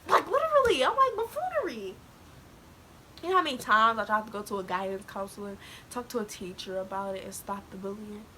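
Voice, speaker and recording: Bright-voiced teen girl telling a story. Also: mid-range voice, fast, slight background noise. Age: teens. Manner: candid, laughs to cope, quotes others, African American slang. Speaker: vlogger. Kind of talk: casual storytelling to camera.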